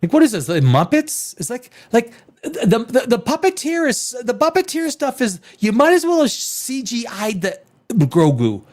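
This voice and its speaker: A man hosting a live stream, ranting casually with profanity, jumping between loud outbursts and low mutters. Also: huge pitch swings, normal speed, a little hiss or hum. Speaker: live show host.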